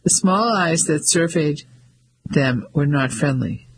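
A man narrating an audiobook in a steady, descriptive manner. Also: a little high, takes it slowly, breathy edge, poor audio.

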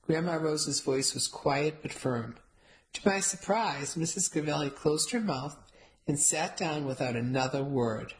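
A woman reading a first-person story aloud as narrator, wry and lively. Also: low voice, moderate pace, rough recording. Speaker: audiobook narrator.

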